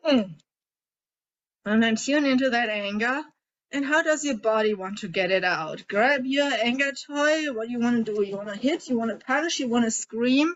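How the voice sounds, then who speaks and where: Gentle coaxing woman coach, lo-fi audio. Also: a little high, animated, moderate pace. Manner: gentle, coaxing, asks many guiding questions. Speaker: emotional eating coach leading a group session. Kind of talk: guided tapping and emotion-release exercise.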